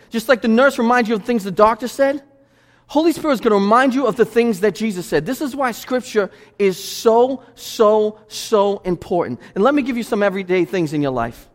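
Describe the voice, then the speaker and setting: A man preaching a lively, conversational sermon as pastor, firing rhetorical questions at the congregation in a church. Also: high voice, a little fast. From United States. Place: church sanctuary. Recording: church hall with long reverb.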